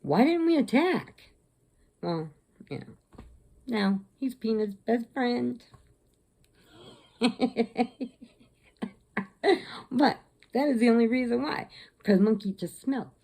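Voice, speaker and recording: A woman's voice: fairly high pitch, takes it slowly, vocal fry, pauses often, warm tone. A middle-aged woman hosting a crochet channel, rambling through stories in a chatty, casual way. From Illinois, USA. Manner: rambling, chatty, laughs often. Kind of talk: casual storytelling vlog.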